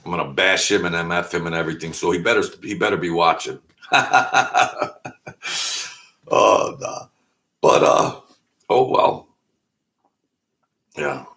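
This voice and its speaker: A man with a deep, pushed, bright voice speaks at a moderate pace with frequent pauses. Hosting his own YouTube channel, he delivers a casual vlog monologue that rambles loosely, mixing in jokes and self-deprecating asides.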